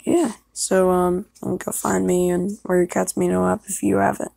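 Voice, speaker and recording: A woman chatting casually to her viewers in a rambling, hesitant way with many pauses. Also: lowish voice, level tone, gravelly, mellow, no echo. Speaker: voice actor vlogger. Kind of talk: casual vlog chat.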